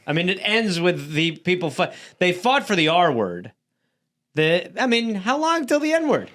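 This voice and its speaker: A man co-hosting a podcast tells a story in casual, profane language and acts out the people he quotes. His voice sits high and he speaks at a moderate pace, with an animated delivery.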